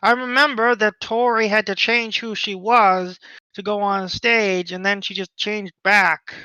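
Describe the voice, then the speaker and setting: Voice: mid-range voice, little pitch movement, a little slow, pushed and bright, smooth, dry recording, dull audio. A podcast co-host in casual chat, rambling with lots of "like" and restarts.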